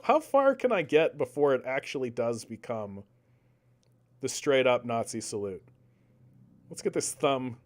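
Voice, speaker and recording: A young man doing casual live-stream political commentary, animated, repeating words and arguing with his chat. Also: fairly high pitch, measured pace, pauses often. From Canada.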